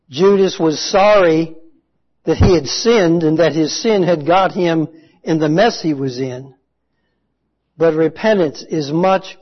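A man preaching a sermon, telling a story slowly and earnestly with dramatic pauses. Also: fairly high pitch, muffled recording.

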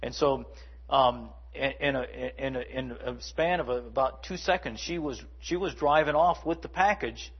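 A man's voice: mid-range voice, moderate pace, breathy edge, lo-fi sound. A man preaching a sermon in a conversational way, with asides and playful mimicry. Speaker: pastor.

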